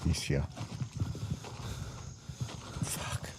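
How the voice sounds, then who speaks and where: A man's voice: low voice, little pitch movement, normal speed, mellow, slight background noise. A middle-aged man, chatting casually and rambling as he gives gameplay commentary. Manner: chatty, rambling, self-deprecating. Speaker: gaming channel host.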